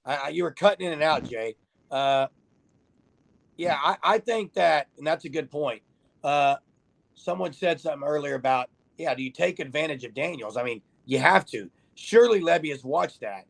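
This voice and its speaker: This sports livestream host speaks a little high with vocal fry, animated at a normal speed. He jokes and chats with callers, reads out viewer comments, and addresses his audience directly in a relaxed, playful way.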